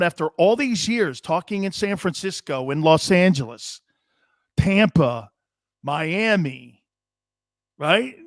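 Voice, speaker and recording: A man hosting a sports talk show, telling stories in a loose, animated way with frequent laughter and some cursing. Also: high-pitched, no room sound, clean studio sound. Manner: animated storyteller, laughs often, curses. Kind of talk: casual sports radio chat.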